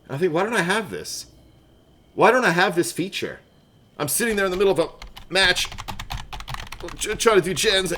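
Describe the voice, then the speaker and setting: A man's voice: sits high, expressive, normal speed, a bit bright, a little hiss or hum. A man chatting casually on a game livestream, laughing often, greeting viewers by name, wired on coffee, with keyboard clicks behind. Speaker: livestream gamer.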